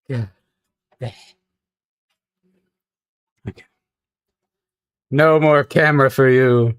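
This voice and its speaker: A man talks to his viewers on a casual livestream while he draws. He rambles along at an unhurried pace and laughs often. His voice sounds close and dry, with no room around it. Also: medium pitch, fairly even intonation, clear, resonant tone, dry recording. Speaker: streamer.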